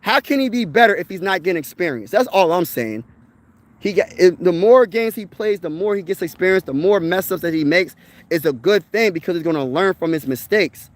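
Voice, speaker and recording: A man's voice: high voice, lively intonation, brisk. A young man hosting casual sports talk, emphatic and rambling, tossing in "bro" and "man" as he makes his point to viewers. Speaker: sports channel host.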